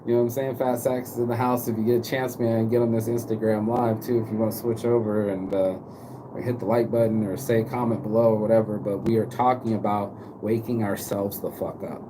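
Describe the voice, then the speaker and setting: A man's voice: lowish voice, flat delivery, fairly quick, noisy background. A man from the Bay Area hosting a rambling motivational live stream from his phone while walking outdoors, talking in a loose, slangy, profane way. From Bay Area, California.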